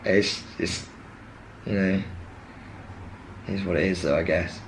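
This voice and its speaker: A young man, talking casually and frankly to camera, rambling and jumping into animated impressions of others. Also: low voice, a little slow, a little hiss or hum. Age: young adult. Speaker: former contestant.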